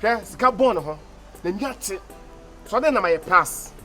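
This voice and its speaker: An actor with a Ghanaian accent playing an excitable sidekick who chants and repeats his words. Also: sits high, normal speed, soft background music. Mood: excited. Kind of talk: comedy film dialogue.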